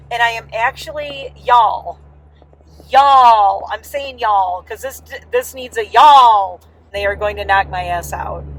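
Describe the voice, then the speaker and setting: A woman's voice: medium pitch, a little hiss or hum, rough recording. Chatty woman vlogging from her car. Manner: chatty, candid, rambling with restarts. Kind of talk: casual personal vlog. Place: inside a car.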